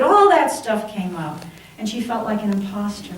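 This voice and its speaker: A woman's voice: on the high side, brisk, far from the mic. Woman minister preaching in an echoey hall. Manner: animated, humorous retelling with chuckles. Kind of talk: sermon storytelling. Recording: very echoey hall, heard from afar, faint hiss.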